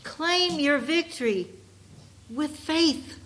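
A woman preaching a sermon, reading song lines slowly and with emphasis, often restarting her sentences. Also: high voice. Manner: slow, emphatic reading with drawn-out words.

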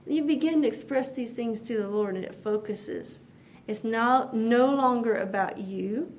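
A woman's voice: on the high side, a little slow. A woman preaching a devotional sermon in an earnest way, repeating phrases as she builds her point.

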